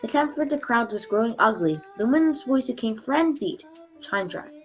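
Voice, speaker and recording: A woman reading a book chapter aloud in a measured, expressive way. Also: on the high side. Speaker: storybook reader.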